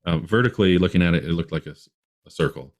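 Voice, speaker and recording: A man's voice: deep voice, quick pace. A man from Utah, a podcast guest, telling a long story in a rambling way with many restarts.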